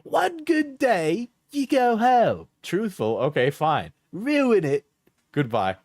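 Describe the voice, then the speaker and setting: A man putting on a shrill mock-Cockney squabbler. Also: huge pitch swings, darkish tone, dry recording, clean studio sound, full character voice. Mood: bickering. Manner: exaggerated, high, drawn-out, bickering.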